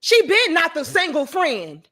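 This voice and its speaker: A vlogger vents straight to the camera, calling her viewers "y'all" and speaking bluntly, profanely and with open emotion. Her voice is extremely high and a bit bright, swooping wildly in pitch as she takes her time.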